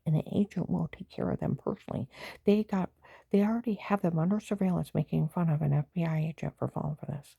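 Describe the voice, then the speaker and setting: A woman's voice: low-pitched, quick pace, vocal fry, dark tone, slightly rough, no room sound. A woman vlogger telling a long, rambling personal story in an aggrieved tone, with angry bursts.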